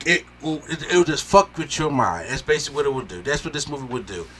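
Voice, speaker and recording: A man hosting a casual movie review podcast, talking excitedly and swearing as he acts out scenes. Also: on the high side, fast, hardly any pauses, breathy edge. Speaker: podcast host.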